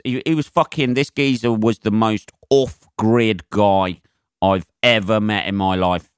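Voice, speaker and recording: A man's voice: fairly low pitch, unhurried, smooth, no echo, clean studio sound. A man hosting his own podcast in a casual, rambling, sweary chat full of fillers. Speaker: podcast host and stand-up comedian.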